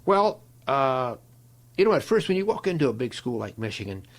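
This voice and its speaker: An older man from Ohio, a guest on an interview show, telling stories in an animated way and acting out the voices of people he quotes. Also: mid-range voice, moderate pace. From Ohio, USA. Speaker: guest, longtime football equipment manager. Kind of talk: storytelling interview.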